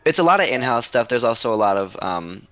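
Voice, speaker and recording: A man game developer joking around on a group video call, quick to laugh. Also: mid-range voice, dry recording, faint music behind. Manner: jokey, animated, quick to laugh.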